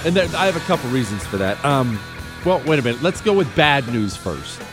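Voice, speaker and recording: A man hosting a radio talk show, talking casually and joking with quick asides while he is a bit under the weather. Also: medium pitch, sing-song, over music. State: a bit sick, possible fever. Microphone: studio microphone.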